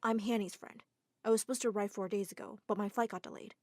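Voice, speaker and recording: A woman doing a hushed, urgent young man. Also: medium pitch, steady tone, quick pace, no echo, clean studio sound, close to an everyday voice.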